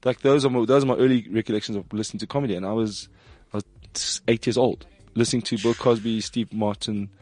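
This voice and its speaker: A man's voice: fairly low pitch, fairly even intonation, fast, hardly any pauses, darkish tone. A man hosting a radio talk show, telling stories and joking with his co-hosts. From South Africa. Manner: joking, storytelling, plays music for the crew. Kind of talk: casual studio banter.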